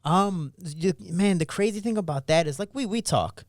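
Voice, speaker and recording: A man in his thirties, an MMA fighter guesting on a podcast, shares personal stories candidly in casual interview talk, acting out the voices he quotes. His high voice is animated at a moderate pace, captured as a dry recording with clean studio sound.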